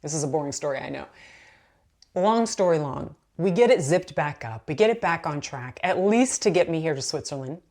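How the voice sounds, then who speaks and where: A woman's voice: sits low, moderate pace. Chatty middle-aged woman giving life tips. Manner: chatty and animated, laughs while telling stories. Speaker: manifestation coach. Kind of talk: casual motivational talk to camera.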